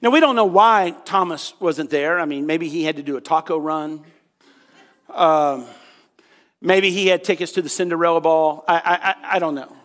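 A man preaching with a notably high voice, casual and joking as he retells the story, full of "you know" and "um". His words ring out with a long reverb, as in a large church sanctuary. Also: normal speed, a bit bright. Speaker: pastor. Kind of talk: sermon.

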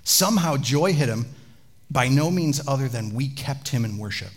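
A man, a pastor, preaching a sermon with animated storytelling and chatty asides to the congregation. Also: mid-range voice, moderate pace.

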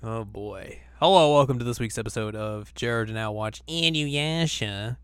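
A man's voice: mid-range voice, normal speed, fairly bright tone, clean tone, dry recording. Podcast host, man, casual and joking, dry close sound. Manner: joking, recaps animatedly. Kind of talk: casual chat.

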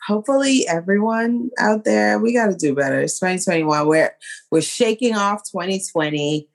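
A woman's voice: medium pitch, expressive, moderate pace, vocal fry. Woman podcast co-host, loose and tipsy, rambling casual chat.

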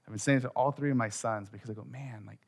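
Talking very fast in a mid-range voice, a middle-aged pastor preaches conversationally, going quiet and then building to loud, emphatic moments.

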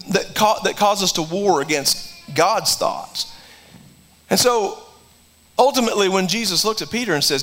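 A man's voice: high voice, fairly bright tone. A man preaching a sermon, earnestly retelling a scripture passage and acting out the dialogue, with frequent restarts. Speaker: pastor.

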